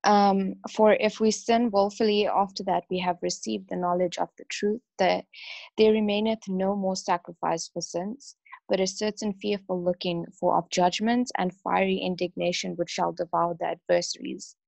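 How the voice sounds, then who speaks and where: Woman, accented, Bible study participant, reading scripture, soft, hesitant, dry close sound. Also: medium pitch, level tone, moderate pace, gravelly, no room sound, poor audio. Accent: non-local accent. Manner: soft and a little hesitant, with small "um"s.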